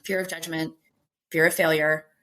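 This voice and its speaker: Her voice sitting low and her pace moderate, a woman guest on a podcast explains her thinking as a stress coach. She is emphatic and animated in the interview, performing the inner voices people hear in their heads.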